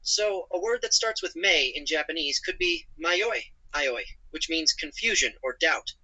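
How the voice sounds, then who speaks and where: A synthetic male voice as a gentle AI companion. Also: a little high, measured pace, husky, highs cut off, exaggerated voice. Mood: earnest. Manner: calm, apologetic, narrates own actions.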